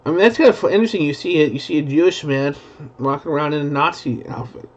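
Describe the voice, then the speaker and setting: A man's voice: fairly high pitch, fast talker. A young man rambling in a profane live-stream commentary, full of restarts. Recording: dull lo-fi stream audio.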